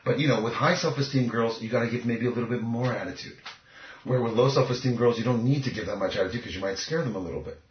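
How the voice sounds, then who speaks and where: A man's voice: medium pitch, quick pace, slight background noise. A man talking as a dating coach in an interview, cocky and emphatic. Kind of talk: casual interview talk. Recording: echoey, muffled lo-fi recording.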